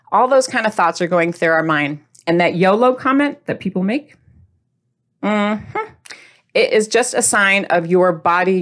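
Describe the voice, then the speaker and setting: A woman hosting a diet video series. She talks in a casual, motivational way, playful and chatty, and speaks straight to the viewer. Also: lowish voice.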